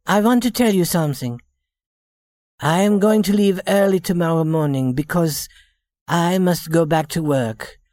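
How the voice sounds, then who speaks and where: A woman's voice: on the low side, a little slow, darkish tone, no echo, studio quality, lightly acted. A woman voicing a young shop girl posing as a rich lady, speaking politely in a scripted story reading. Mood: candid. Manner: polite, genteel, then plainly candid.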